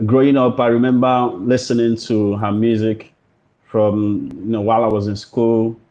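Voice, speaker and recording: A Nigerian man hosting an interview show, formal and welcoming, pausing often with fillers. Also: fairly low pitch, flat delivery, mellow, dull audio. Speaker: podcast host. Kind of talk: hosted interview.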